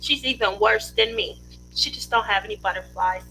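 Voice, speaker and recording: A woman's voice: medium pitch, normal speed, bright, forceful tone, faint music behind, low-quality recording. A woman hosting a casual craft livestream from her home studio, chatty and rambling, laughing often.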